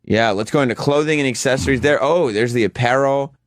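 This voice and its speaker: A man's voice: medium pitch, a little fast. A man co-hosting a radio talk show, teasing and sarcastic, laughing often. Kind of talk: casual radio banter. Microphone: studio microphone.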